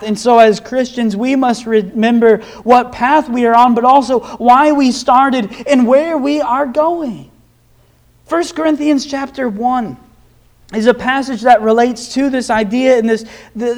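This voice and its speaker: Young male preacher, very high voice, earnest sermon delivery, pushes harder on scripture readings. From Nebraska, USA. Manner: earnest, rises in emphasis when quoting scripture.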